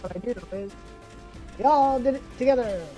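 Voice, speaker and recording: A woman's voice: fairly high pitch, moderate pace, dark tone, soft background music. A woman joining a stream over a voice call, chatting casually, giggly and a little exasperated. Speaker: call guest.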